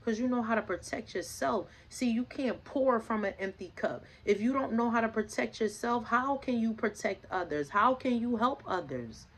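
A woman's voice: a little high, animated, moderate pace, few pauses, a bit bright. A woman giving a casual tarot reading to her viewers, talking emphatically, swearing freely, repeating herself and asking rhetorical questions. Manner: preaching, asks rhetorical questions. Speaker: tarot reader.

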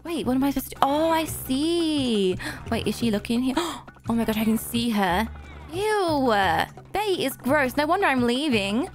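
A woman narrating her own gameplay in an animated way, gasping and squealing at surprises. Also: high voice, moderate pace. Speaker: gaming video creator. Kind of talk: playing an obby game and narrating. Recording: faint background game music.

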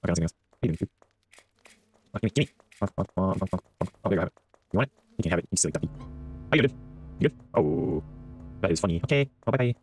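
A man's voice: sits low, lively intonation, very fast, pauses often, a little mellow. A man giving casual let's-play commentary, joking, swearing freely and chatting to the game characters. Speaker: gaming streamer.

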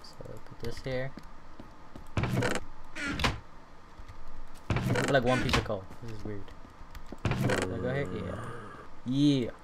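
A man at his computer giving casual let's-play commentary, chatting to his viewers as guys and fellas. His voice sits at an average pitch, and he breaks into loud profane cursing when things go wrong. Keyboard clicks and typing are clearly heard behind him. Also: takes it slowly, pauses often, very noisy. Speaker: gaming video creator. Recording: keyboard and mouse clicks audible.

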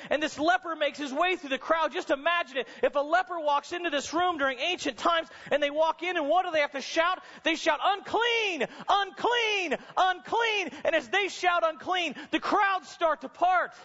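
A man preaching a sermon to college students, telling stories dramatically and sometimes rising to a shout. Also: extremely high pitch, fairly quick, hardly any pauses. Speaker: chapel speaker. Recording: dull sound with long hall reverb.

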